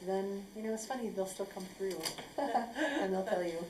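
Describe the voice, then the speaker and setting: A woman's voice: mid-range voice, normal speed. Woman telling a story in an echoey room. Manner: animated, acts out quotes. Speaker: speaker sharing a personal story. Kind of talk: casual storytelling. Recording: echoey room with faint noise.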